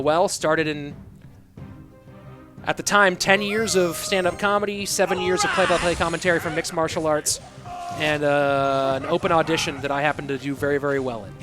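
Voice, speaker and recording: A middle-aged man calling a live esports match as play-by-play caster, energetic and joking with the chat between plays. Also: a little high, moderate pace. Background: music.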